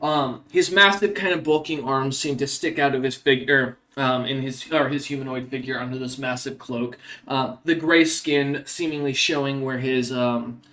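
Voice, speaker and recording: A man narrating a tabletop game as game master, halting, with many ums and uhs. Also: medium pitch, steady tone, sharp tone.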